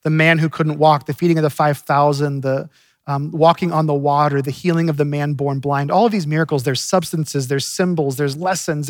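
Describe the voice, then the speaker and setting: A male pastor preaches a sermon in an earnest, conversational style, frequently restarting his sentences. His voice is a little high, recorded in studio quality with no room sound.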